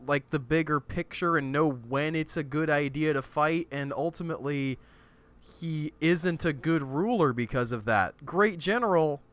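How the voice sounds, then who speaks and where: Bright-voiced man with wry humor. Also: a little high. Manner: measured, wry, deadpan jokes. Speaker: guest. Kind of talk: casual chat.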